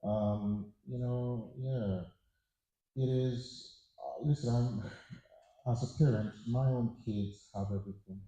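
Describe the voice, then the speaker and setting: A man's voice: mid-range voice, fairly even intonation, slow, mellow, muffled recording, slight background noise. A middle-aged man on a conference panel, sharing personal stories in an emotional, heartfelt way. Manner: emotional, fond of crying, speaks with feeling. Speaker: panel guest. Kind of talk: candid personal storytelling. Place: conference hall at a media summit. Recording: echoey hall sound.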